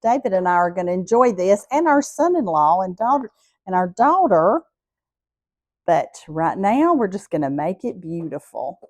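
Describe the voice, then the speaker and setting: A middle-aged woman with a Southern US accent talks viewers through a home-cooked meal in a friendly, folksy way. Her voice sits at a medium pitch and is recorded dry, with little room sound. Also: very animated, moderate pace, darkish tone, no room sound. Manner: homey, chatty, addresses viewers as y'all. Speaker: cooking show host. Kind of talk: casual cooking vlog.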